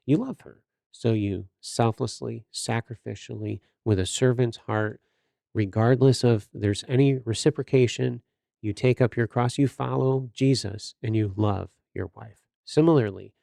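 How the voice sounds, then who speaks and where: A man's voice: on the low side, creaky, warm tone, no room sound, studio quality. A man hosting a podcast, giving earnest, sermon-like Bible teaching with rhetorical questions and direct exhortation. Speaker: podcast host teaching scripture.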